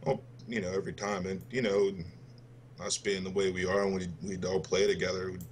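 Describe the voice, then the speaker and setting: Low-voiced and flat in delivery, a man in his twenties speaks a little fast as he co-hosts a gaming podcast. He swears freely and laughs through a loose story told to friends, with a faint hiss or hum behind him.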